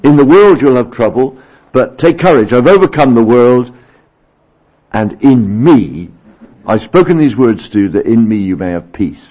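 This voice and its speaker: A man preaching a sermon, earnest, swinging between emphatic peaks and quiet low passages. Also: expressive, normal speed. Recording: dull lo-fi sermon recording.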